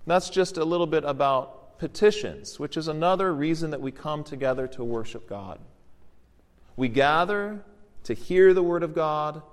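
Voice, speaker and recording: Orthodox priest teaching in a reverberant church. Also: male voice, fairly high pitch, normal speed. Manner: explanatory, gently encouraging. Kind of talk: teaching sermon during liturgy.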